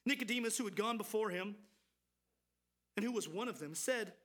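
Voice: medium pitch, animated, moderate pace, a bit bright. A preacher giving a morning sermon, asking listeners earnest rhetorical questions and lifting the voice when reading scripture aloud.

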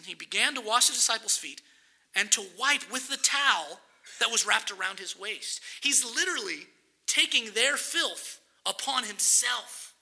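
A man preaching a sermon, explaining a scripture passage and acting out its characters with animated emphasis. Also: sits high, creaky. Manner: animated, dramatizing the scripture with acted-out voices.

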